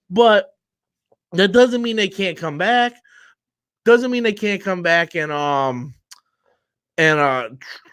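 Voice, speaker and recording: A man's voice: sits high, a bit bright. A man hosting a live-stream commentary, talking in a rambling, repetitive and combative way. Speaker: channel host.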